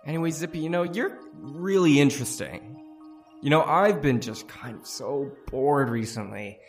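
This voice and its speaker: A man's voice: mid-range voice, expressive, normal speed, soft background music, close to an everyday voice. A man voicing a sly, bored male beast in a tabletop game, coaxing and playful with a folksy manner.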